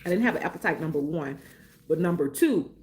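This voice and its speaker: Woman vlogger from Mississippi, quick chatty delivery, lively pitch, casual live-stream talk. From Mississippi, USA. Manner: fast-talking; playful, chatty with viewers. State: recovering from a sore throat.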